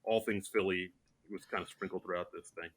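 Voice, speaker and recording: A man co-hosting a podcast in casual chat, animated and self-mocking, talking in quick bursts with many restarts. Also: deep voice. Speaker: podcast co-host.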